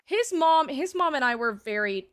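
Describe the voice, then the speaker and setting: Young woman, higher voice, streamer host, lively storyteller who swears a lot. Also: moderate pace, crowd noise. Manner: animated, swears freely, acts out quotes. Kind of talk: casual storytelling chat.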